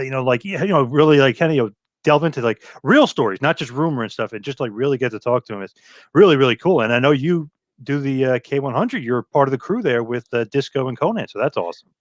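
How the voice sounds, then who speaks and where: Excitable male podcast host, dry sound. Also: mid-range voice, fast, dry recording. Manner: excited storytelling, acts out quotes loudly. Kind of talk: casual chat.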